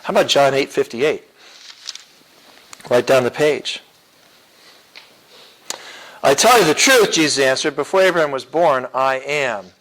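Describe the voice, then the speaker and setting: A man's voice: mid-range voice, lively intonation, a little slow, long pauses, a bit bright, low-quality recording. A man teaching a church apologetics class in a casual, chuckling way, with many fillers and restarts. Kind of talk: classroom lecture.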